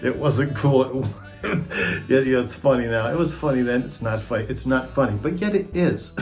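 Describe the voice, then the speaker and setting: A man's voice: medium pitch, moderate pace, faint music behind. A man who worked as a monitor technician, telling backstage stories casually, laughing often and swearing freely. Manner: laughs often, profane, animated retelling. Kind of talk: casual storytelling.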